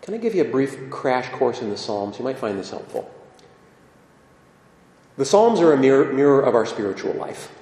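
A man delivering a sermon with an expressive voice that swings widely in pitch. He keeps turning to his listeners with questions. The sound is roomy, with a long echo from a large hall or church. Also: moderate pace, long pauses. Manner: animated, asks the listeners questions. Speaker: preacher. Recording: echoey hall reverb.

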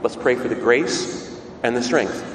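Priest preaching in an echoey church. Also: male voice, mid-range voice, a little slow, slight background noise. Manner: conversational, asks the congregation frequent rhetorical questions. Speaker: Catholic priest. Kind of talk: homily during Mass. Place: large church. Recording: echoey church hall from far off, faint ambience.

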